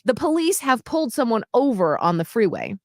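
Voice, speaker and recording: A woman co-hosting a radio show, telling a story in lively casual chat. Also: fairly high pitch, brisk, dry recording, clean studio sound. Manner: animated storytelling, acts out quotes.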